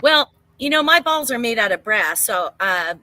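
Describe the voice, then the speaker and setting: Woman, bright voice, frank, playful, casual co-host, dry sound. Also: fairly high pitch, lively intonation, normal speed, dry recording. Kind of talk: casual live-stream chat.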